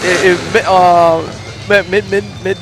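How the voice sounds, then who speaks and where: A man commenting live on a demolition derby in an excitable, stumbling way. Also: sits high, a little slow, over music. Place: outdoor demolition derby track. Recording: loud engine and crowd noise outdoors.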